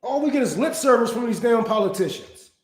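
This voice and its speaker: A man in his thirties hosting a casual livestream, talking loosely and with lots of profanity, sometimes mellow and sometimes heated. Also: extremely high pitch, expressive, brisk. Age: 30s. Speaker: livestream host. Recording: roomy echo.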